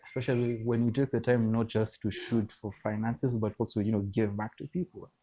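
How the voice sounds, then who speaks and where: A man hosting a casual interview, encouraging his guest with steady affirming murmurs. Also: on the low side, fairly quick. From Kenya. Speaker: host. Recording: dull lo-fi sound.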